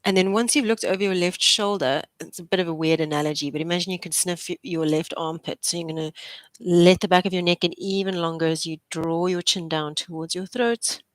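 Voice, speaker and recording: A woman's voice: on the low side, fairly even intonation, brisk, no room sound. A young adult woman, a physiotherapist, leading a live posture class with encouraging, chatty cues and frequent laughs. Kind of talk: live exercise class instruction.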